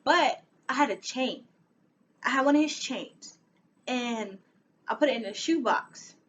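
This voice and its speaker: A young woman telling a personal story on her vlog, animated and dramatic, with sighs and laughs. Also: high-pitched, unhurried. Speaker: vlogger.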